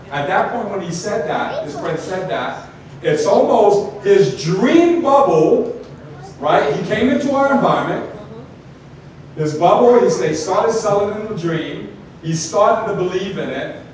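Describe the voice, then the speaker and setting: A man giving a motivational talk to an audience, telling stories with animated asides. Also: high voice, slow pace. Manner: storytelling, animated, many asides like "right?". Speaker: motivational speaker. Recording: echoey hall from far off, noisy.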